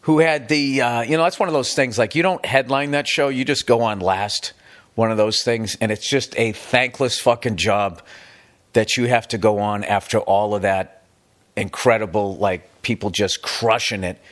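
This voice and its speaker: A man's voice: lowish voice, fairly even intonation, moderate pace. A middle-aged man from the United States hosting a podcast, talking in a casual, comedic monologue that rambles and swears emphatically. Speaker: podcast host.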